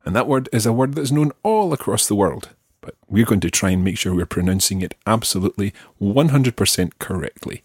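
Husky Scottish man teaching French. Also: lowish voice, lively intonation, no room sound, clean studio sound. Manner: slow, careful modelling of French words for repetition. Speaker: language teacher. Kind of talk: language lesson.

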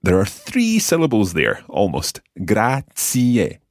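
Very deep-voiced, lively male teacher. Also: husky, no room sound, studio quality. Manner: patient, explanatory, models words slowly. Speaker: language teacher and host. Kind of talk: scripted language lesson.

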